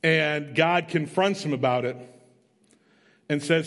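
His voice is on the high side and fairly bright, and he preaches slowly with frequent pauses. As a missionary preacher, he retells a story conversationally and simply, breaking in with emphatic asides. Long reverb from a large hall surrounds him.

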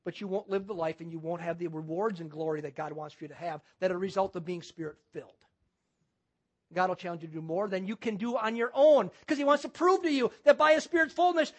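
High-voiced male pastor preaching. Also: fairly quick. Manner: preaching with rhetorical questions and repetition. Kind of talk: sermon.

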